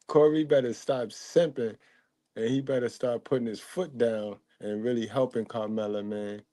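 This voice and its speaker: A man's voice: medium pitch, fairly even intonation, normal speed, dark tone, dry recording. A man, giving casual, teasing reaction commentary on an interview clip. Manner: joking, teasing, slangy.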